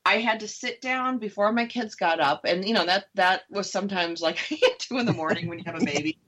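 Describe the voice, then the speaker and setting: A woman's voice: mid-range voice, fairly quick, a bit bright. A woman radio host talking candidly about recovering from divorce in a casual conversation. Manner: chatty, candid, laughs easily. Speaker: radio show host sharing her divorce story.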